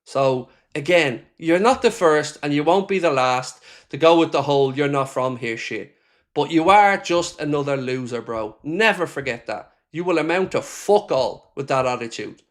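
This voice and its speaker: A man's voice: fairly high pitch, animated, moderate pace. An Irishman hosting a live football fan reaction stream, ranting angrily, swearing and reading viewer comments aloud. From Ireland. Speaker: fan channel host.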